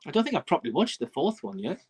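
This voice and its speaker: Fast-talking man, chatty host. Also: a little high, sing-song, breathy edge. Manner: chatty storyteller, self-mocking. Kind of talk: casual live-stream chat.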